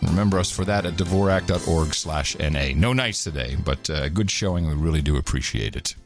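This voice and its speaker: A man hosting a podcast, chatting casually and reading listener notes aloud in an animated way. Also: extremely low pitch, a little fast, over loud music. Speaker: podcast host. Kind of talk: casual chat.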